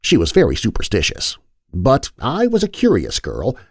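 A man's voice: fairly low pitch, wildly swooping pitch, moderate pace, breathy edge, no echo, clean studio sound, voice pushed up, full character voice. A man voicing an older woman servant telling an old story. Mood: reminiscing.

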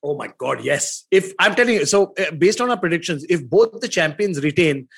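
A man in his forties co-hosting a sports podcast, talking in an emphatic, excitable way and laughing often. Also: on the high side, brisk, gravelly, husky. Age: 40s. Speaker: podcast co-host. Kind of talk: casual sports chat.

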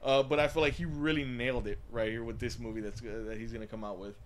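A man's voice: mid-range voice, fairly even intonation, fast talker, slight background noise. A man co-hosting a casual chat show, rambling with many restarts and frequent laughter. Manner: rambling, laughs often, repeats words. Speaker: podcast co-host.

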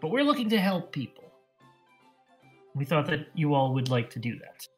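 A man's voice: a little high, sing-song, moderate pace, faint music behind. A man playing a polished male field agent recruiting adventurers, speaking formally but with many hesitations. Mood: patient. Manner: formal, hesitant, filler-laden.

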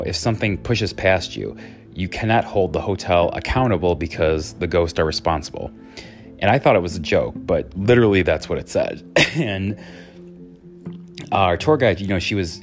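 A man who works as a psychic medium, telling a story in a chatty, rambling way full of fillers. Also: low-pitched. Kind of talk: casual storytelling.

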